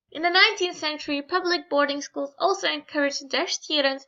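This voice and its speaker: A young woman giving a school screencast presentation, reading carefully with pauses and small restarts. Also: high-pitched, sharp tone, muffled recording. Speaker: student presenter.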